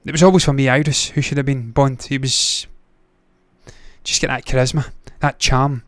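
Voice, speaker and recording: A man hosts a movie news livestream, offering blunt, opinionated takes in casual commentary and swearing often. His mid-range voice holds a steady tone at a moderate pace and sounds fairly bright, with no echo.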